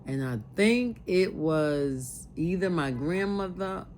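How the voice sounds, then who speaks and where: A woman's voice: lowish voice, animated, slow, darkish tone, a little hiss or hum. A woman telling a personal family memory in an earnest way, often repeating herself as she recalls it. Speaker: storyteller.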